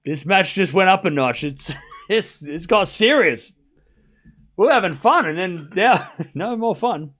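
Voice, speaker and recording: A man calling a tennis match live for his stream, excitable and chatty, chuckling between points. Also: sits high, measured pace. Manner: excitable play-by-play, chatty, laughs often. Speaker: streamer host. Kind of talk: live watchalong commentary.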